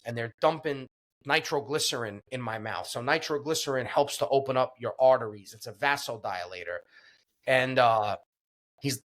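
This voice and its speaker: A man of ordinary mid-range pitch tells a personal story to a podcast host. His delivery is earnest and conversational, full of fillers and restarts. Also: a bit bright. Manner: earnest, vivid retelling with many fillers and restarts. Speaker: podcast guest.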